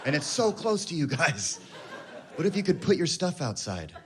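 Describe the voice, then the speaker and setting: A man in his thirties doing stand-up, telling a story about himself in an animated, self-mocking way. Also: on the high side, normal speed, very noisy. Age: 30s. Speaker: stand-up comedian. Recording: live club with audience laughter. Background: audience laughter.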